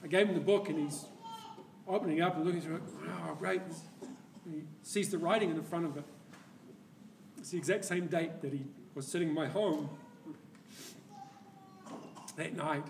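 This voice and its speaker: A man preaching a sermon, telling a story with lively laughter and acted-out quotes, heard from a distance in an echoey church hall. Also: on the high side, moderate pace, pauses often, slight background noise. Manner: animated storyteller, laughs often, acts out quoted voices.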